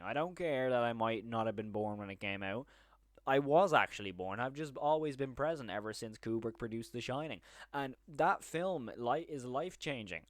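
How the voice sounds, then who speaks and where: A man's voice: mid-range voice, no room sound, studio quality. A man giving a casual, enthusiastic and rambling review of a TV series, now and then acting out lines from the scenes. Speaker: show reviewer.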